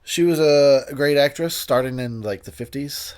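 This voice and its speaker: A man's voice: mid-range voice, normal speed, darkish tone. A man giving casual movie commentary while intoxicated, rambling and profane, laughing often and losing track of names mid-sentence. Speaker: film commentator.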